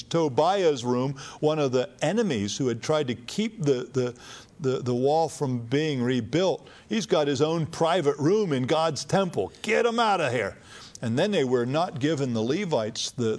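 A man's voice: mid-range voice, a little mellow. A man preaching a sermon in a conversational teaching manner, reading scripture aloud with rising emphasis.

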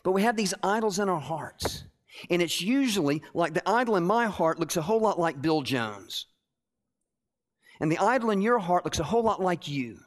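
A middle-aged man preaching a sermon to students, animated, with lots of repeated words and acted-out quotes. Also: sits high, moderate pace. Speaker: preacher at a school chapel. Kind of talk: sermon with demonstration and anecdotes.

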